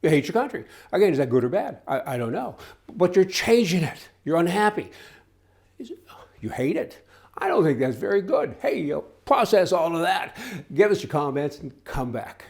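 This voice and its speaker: Older male host, folksy sarcastic commentary, voice a little high for a man. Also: very animated, normal speed, vocal fry, darkish tone. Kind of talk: political commentary monologue.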